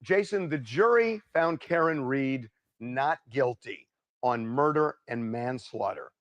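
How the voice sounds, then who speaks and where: A man interviewing a juror in a news-style interview, asking brisk, prompting questions. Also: medium pitch, expressive, no room sound, lo-fi sound.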